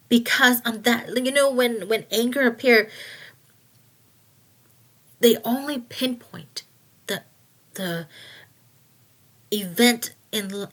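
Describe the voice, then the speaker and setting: A woman recounts a personal testimony at an unhurried, deliberate pace. Her voice sits at an ordinary pitch. She often stops and restarts and goes soft and hushed when the story turns painful. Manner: halting, with many restarts and trailing fillers. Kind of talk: personal testimony, casual retelling.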